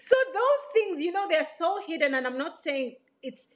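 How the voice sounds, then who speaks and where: A woman's voice: very high voice, animated, moderate pace. A middle-aged woman from Zambia, a guest in a casual interview, reflective and laughing often as she speaks.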